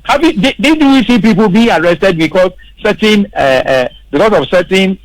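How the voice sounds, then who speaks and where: A man with a high-pitched, expressive voice speaks at a moderate pace as a political commentator on a radio panel in a studio. He stresses his points emphatically and repeats words for effect, in a dry, rough recording.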